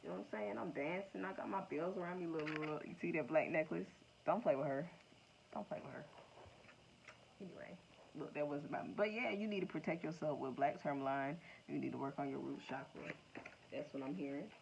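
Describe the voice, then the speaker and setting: A woman giving a casual tarot reading to her viewers, slangy, profane and excitable, laughing often. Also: sits low, fast talker, gravelly. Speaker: tarot reader. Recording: dull lo-fi sound with faint noise.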